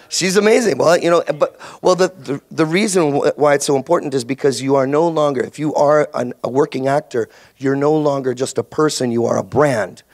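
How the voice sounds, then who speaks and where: A man with a Canadian accent, a voice actor speaking on a convention panel, giving career tips in a rambling, jokey way full of restarts. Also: medium pitch. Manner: rambling, jokey, self-interrupting.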